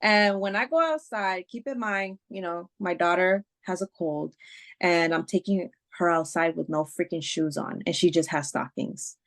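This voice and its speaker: A woman with a slightly low voice talks through a personal story as a guest on a podcast. Her delivery is chatty and full of fillers. Strong language comes out without a second thought. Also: moderate pace, fairly bright tone. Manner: emotional retelling, swears freely, many fillers. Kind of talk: casual storytelling chat.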